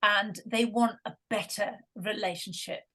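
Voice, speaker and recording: A woman's voice: mid-range voice, fairly even intonation, unhurried, fairly bright tone. A middle-aged woman with a Scottish accent, a guest chatting casually and telling stories, often laughing as she talks. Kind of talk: casual conversation.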